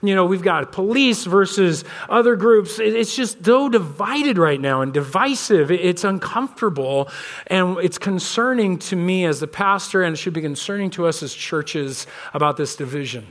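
A man's voice: sits high, moderate pace. A pastor in his thirties giving a sermon in a church, telling stories about his kids in a loose, conversational way. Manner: conversational storytelling, animated voices for his kids. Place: church sanctuary.

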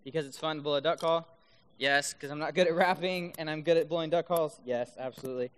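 A man giving a youth talk to high schoolers, playful and constantly checking in with the audience. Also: steady tone, fast talker, a bit bright, clear, resonant tone. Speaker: youth speaker. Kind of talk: youth talk with duck call demos. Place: large room full of high schoolers. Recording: long reverb in a hall.

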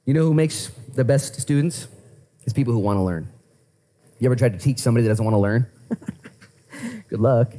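A man preaching a sermon as pastor, animated, conversational and playful as he talks through scripture. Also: mid-range voice.

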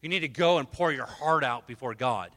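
A man preaching a sermon from a festival stage, fervent and emotional, swinging from loud exhortation to hushed talk. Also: mid-range voice, brisk, long reverb tail, faint music behind. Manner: emotional, repeats and restarts words.

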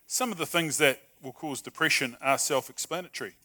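Guy preaching, bright sharp voice, chatty and jokey, acts out little back-and-forths. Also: fairly high pitch, fairly quick. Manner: conversational and humorous, plays out short dialogues. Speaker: pastor. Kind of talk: sermon.

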